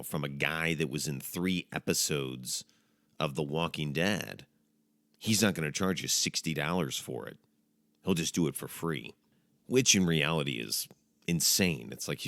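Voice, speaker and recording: A man's voice: low-pitched, a bit bright, no echo, studio quality. A man hosting a casual comedic monologue, talking in a jokey, mock-dramatic way with playful asides. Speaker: podcast host.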